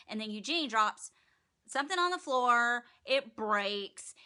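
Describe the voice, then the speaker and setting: A woman giving a casual, animated, profane recap of a TV episode. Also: medium pitch, moderate pace, clean tone. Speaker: TV recap vlogger.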